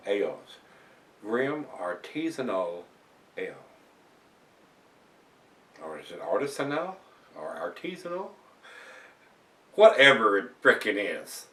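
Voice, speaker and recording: A man's voice: fairly low pitch, fairly bright tone, far from the mic. A man in his home kitchen, giving a casual beer review in a rambling, folksy, chatty way. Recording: roomy echo, voice off-mic.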